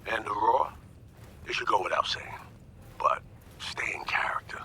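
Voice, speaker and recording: A man's voice: lowish voice, lively intonation, normal speed, bright, forceful tone, whispered. An actor voicing a male operative who gives clipped orders in a video game. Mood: commanding. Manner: clipped, commanding. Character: calm male operative giving orders over comms.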